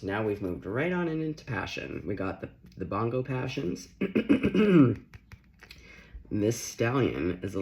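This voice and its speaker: A man's voice: lowish voice, creaky, a little mellow. A young man giving a casual, playful tarot reading, often laughing as he talks. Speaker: tarot reader.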